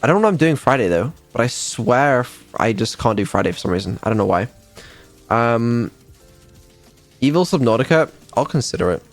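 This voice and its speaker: A man's voice: mid-range voice, animated, fairly quick, soft background music. Laid-back man on a dev stream. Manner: laid-back, mumbling asides, frequent ums and swearing. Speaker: developer and streamer. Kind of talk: casual chat on a dev stream.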